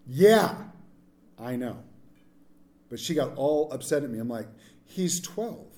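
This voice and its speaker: Joking pastor with a mellow voice. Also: male voice, mid-range voice, measured pace. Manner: jokey, animated preaching with asides. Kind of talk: sermon.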